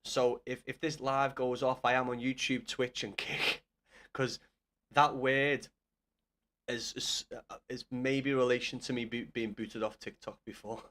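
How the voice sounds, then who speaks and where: A man's voice: medium pitch, flat delivery, a little slow, fairly bright tone. A young man chatting on a gaming livestream, answering his chat with blunt, sweary banter.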